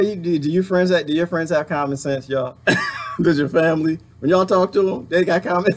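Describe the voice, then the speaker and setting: A man delivering an impassioned political rant to camera, full of rhetorical questions and mild swearing. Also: on the high side. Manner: emphatic, rhetorical questions, swearing, laughs often. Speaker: vlogger.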